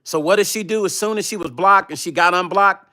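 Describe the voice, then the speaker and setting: A man's voice: high-pitched, a little fast, sharp tone. A man hosting his own livestream, ranting confrontationally and profanely at a rival, reading chat comments aloud. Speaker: vlog host reading live chat. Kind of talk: heated livestream rant.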